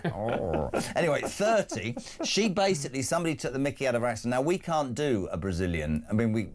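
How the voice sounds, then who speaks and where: A man's voice: mid-range voice, very animated, fairly quick. A man with an English accent hosting a breakfast talk show, blunt and indignant, with joking asides. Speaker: radio and TV breakfast show host. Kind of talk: opinionated talk radio chat.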